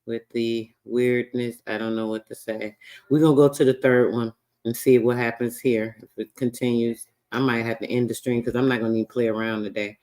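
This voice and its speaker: On a casual livestream, a man with an ordinary, mid-pitched voice reads out old records. His talk is loose and full of swearing, and while he stays relaxed, his frustration shows plainly.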